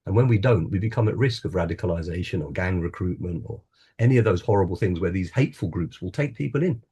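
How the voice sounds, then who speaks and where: Low-pitched and warm with a breathy edge, this Scottish-raised man talks fast and animatedly while sharing a personal story on a panel. A wellbeing coach, he comes across earnest and reflective, with laughs and restarts.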